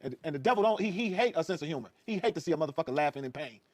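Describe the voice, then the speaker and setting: A man's voice: a little high, animated, racing, no room sound. A middle-aged man, a guest comedian, riffing and telling profane stories with emphatic, preachy repetition.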